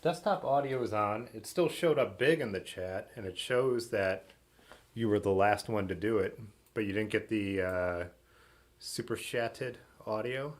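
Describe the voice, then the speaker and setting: A man's voice: lowish voice, measured pace. A man hosting a casual livestream from his workshop, rambling loosely with lots of fillers and trailing thoughts. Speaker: livestream host. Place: basement workshop. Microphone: laptop setup.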